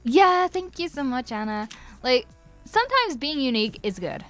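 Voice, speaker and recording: Young northern irish lady w/ a mixed irish-transatlantic accent, giggly and gushing, lots of ums and likes, crisp voice. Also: high-pitched, big pitch swings, normal speed, fairly bright tone, soft background music. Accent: Irish-transatlantic mix. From Northern Ireland. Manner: giggly, effusive, rambling with many fillers. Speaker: voice actress answering fan questions. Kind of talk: casual livestream Q&A.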